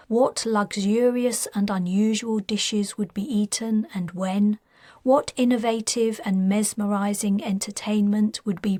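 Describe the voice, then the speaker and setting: A woman reading her own science fiction novel aloud in a measured, even audiobook narration. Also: medium pitch, no echo, clean studio sound.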